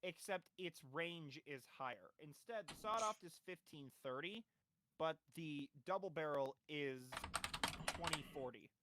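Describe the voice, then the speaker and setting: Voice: medium pitch, animated, unhurried. A game master narrating a tabletop game, describing finds loosely with fillers. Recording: noisy background.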